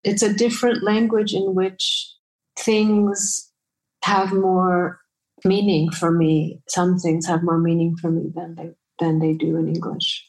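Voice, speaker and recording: A woman's voice: lowish voice, little pitch movement, slow pace, darkish tone, poor audio. A woman from the United States, a writer and interview guest, speaking earnestly and reflectively and repeating her phrases as she thinks. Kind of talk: conversational interview.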